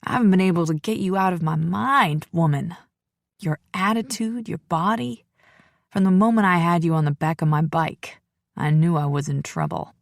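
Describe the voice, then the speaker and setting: Casting: woman doing a possessive biker man in an audiobook, low voice, dry close sound. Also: normal speed, vocal fry, no room sound. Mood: insistent.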